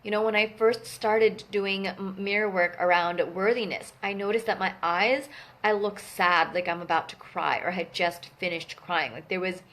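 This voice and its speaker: A young adult woman speaks to her viewers in an earnest, gentle vlog manner. Her pitch sits in an ordinary middle range. She often pauses to rephrase and correct herself as she goes. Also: fairly even intonation. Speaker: wellness vlogger. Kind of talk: casual talk to camera.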